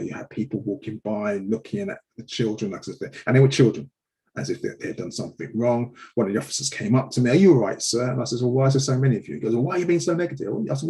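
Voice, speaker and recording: A man's voice: medium pitch, vocal fry, mellow, poor audio. A man in his forties, a live show host, telling a personal story with passion and frequent restarts when upset. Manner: impassioned, repeats words when upset.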